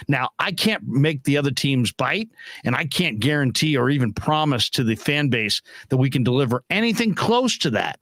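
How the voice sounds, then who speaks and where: Guy hosting a post-game show, loud and emphatic, riffing on chat comments, dry close mic. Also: moderate pace, dry recording. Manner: animated and blunt, with emphatic pitch jumps. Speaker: sports talk show host.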